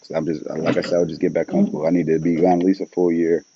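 A man's voice: deep voice, little pitch movement, rapid-fire, dull audio, a little hiss or hum. A young man hosting a solo podcast, rambling casually with loads of slang and swearing. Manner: loose, rambling and upbeat, with lots of slang and swearing.

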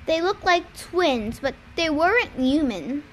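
A woman's voice: sits high, expressive, a little slow, a bit bright, slight background noise. A woman reading a novel aloud, with small stumbles and self-corrections along the way. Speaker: reader.

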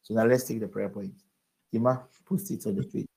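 A pastor at an evening service, earnestly exhorting the congregation and leading prayer. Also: male voice, lowish voice, fairly even intonation, brisk, vocal fry, a little mellow, low-quality recording.

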